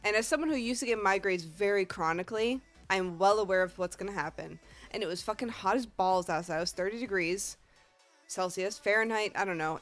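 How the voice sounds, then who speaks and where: A woman's voice: mid-range voice, a bit bright. A woman with a Northeast American accent, a streamer telling a rambling, profane story in casual chat. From Northeast United States.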